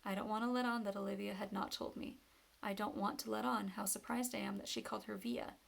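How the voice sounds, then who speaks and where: A woman reading a novel aloud in steady first-person storytelling. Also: mid-range voice, fast talker, creaky. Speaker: reader.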